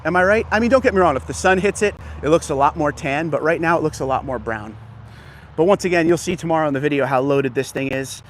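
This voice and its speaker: Man, somewhat high voice, chatty live-stream host, walking outdoors, slightly out of breath, faint background noise. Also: fast. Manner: chatty, greets viewers by name while walking. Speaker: channel host live-streaming from a dealership lot. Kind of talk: casual live-stream walkaround. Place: outdoor car dealership lot.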